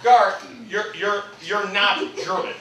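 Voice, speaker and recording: A man's voice: sits high, steady tone, slow pace, bright, forceful tone, exaggerated voice. A man playing a flustered teacher in a live comedy sketch, stammering and exasperated. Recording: echoey hall from far off, noisy.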